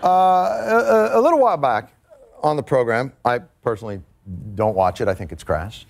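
A man with a New York accent delivering a comedic late-night monologue, mock-indignant with deadpan asides. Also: medium pitch, moderate pace, vocal fry, noisy background. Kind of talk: comedic monologue to a studio audience.

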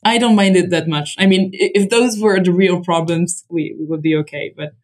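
Italian economist woman, guest; mellow voice, halting, restarts often. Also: on the low side, rough recording. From Italy. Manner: thoughtful, halting, frequent restarts, light laughs. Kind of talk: podcast interview.

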